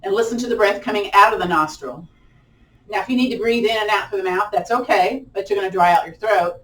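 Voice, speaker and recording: A woman's voice: mid-range voice, fast, fairly bright tone. A woman leading a live online chair yoga class, chatty and encouraging, with a lilt and playful whoops during the holds. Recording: roomy echo, mic at a distance.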